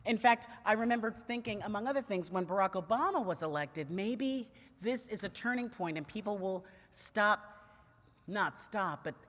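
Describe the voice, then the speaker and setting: A woman's voice: mid-range voice, animated, normal speed, fairly bright tone. A woman in her fifties from New York City gives a humorous personal storytelling talk as a commentator, witty and conversational with playful asides to the audience. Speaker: commentator and conference speaker. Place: large conference hall. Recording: long reverb of a big hall.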